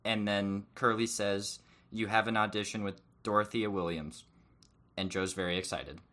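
A man's voice: fairly low pitch, steady tone, moderate pace, pushed and bright. A young man co-hosting a podcast, summing up the plot in casual, jokey chat. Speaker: podcast co-host.

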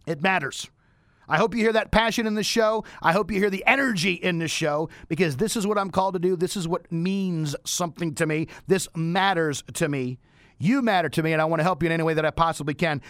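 An energetic male radio host with a fairly high voice delivers a motivational, preachy sign-off. His voice is recorded dry and close, with no room sound. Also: no echo. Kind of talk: upbeat radio show wrap-up and promotion.

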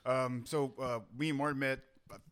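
A man's voice: mid-range voice, level tone, normal speed, fairly bright tone, smooth. A man in casual chat, cracking jokes and laughing along. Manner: joking interjections, laughing.

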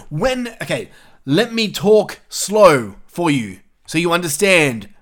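Man, host, casual solo commentary, profane, exasperated rant, high-ish voice, very lively pitch. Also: slow pace. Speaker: wrestling review show host.

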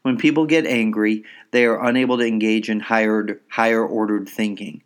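A man with a fairly low voice talks through parenting advice on his podcast. He sounds calm and measured and explains things patiently, step by step. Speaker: psychologist podcast host. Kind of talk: educational parenting podcast talk.

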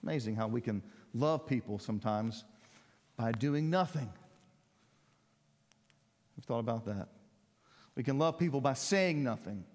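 A man's voice: medium pitch, lively intonation, unhurried, pauses often. Emphatic male preacher in echoey hall. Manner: emphatic, rising to loud peaks then dropping quiet. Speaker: pastor. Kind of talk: sermon. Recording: long hall reverb.

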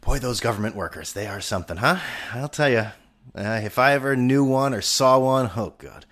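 A man's voice: medium pitch, normal speed, a bit bright. A young man hosting a podcast, talking in a rambling, sarcastic and profane monologue. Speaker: podcast host. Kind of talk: casual monologue.

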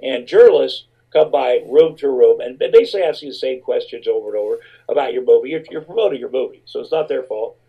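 Man, husky voice, rambling comic storyteller, swears freely, dull lo-fi sound. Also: medium pitch, animated, fast, few pauses. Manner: rambling, profane, repeats words. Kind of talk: comic anecdote.

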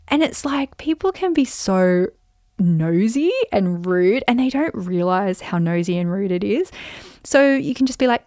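A woman's voice: moderate pace, no room sound. Chatty woman podcaster, dry close sound. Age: 40s. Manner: chatty, animated, acts out quoted voices with pitch jumps. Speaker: podcast host. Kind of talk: casual solo podcast talk.

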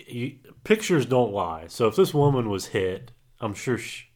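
A man's voice: mid-range voice, big pitch swings, a little slow, darkish tone. A man co-hosting a podcast, talking sports in a rambling, hesitant way with many fillers. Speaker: podcast co-host. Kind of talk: casual sports chat.

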